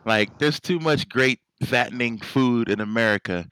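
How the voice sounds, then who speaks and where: A man from Philadelphia hosting a casual podcast interview, teasing his guest with quick asides. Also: medium pitch, fairly bright tone, clean tone, no echo, low-quality recording. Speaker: podcast host.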